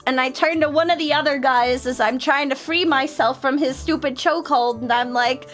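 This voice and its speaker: A woman and military veteran casually telling a story on her stream, animated and laughing as she acts out friends' voices. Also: high voice, moderate pace, soft background music.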